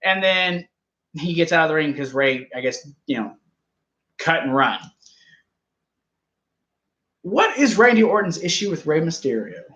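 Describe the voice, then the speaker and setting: Bright-voiced man chatting casually. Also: fairly high pitch, big pitch swings, unhurried, long pauses, roomy sound, highs cut off. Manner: loose and conversational, swears casually. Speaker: podcast co-host. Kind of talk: casual wrestling review chat.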